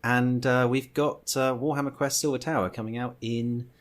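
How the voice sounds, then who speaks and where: Male interview guest, medium pitch, relaxed and self-deprecating, lots of "uh" and "um". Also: normal speed. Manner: easygoing, self-deprecating, fillers. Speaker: game developer guest. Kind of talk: casual interview chat.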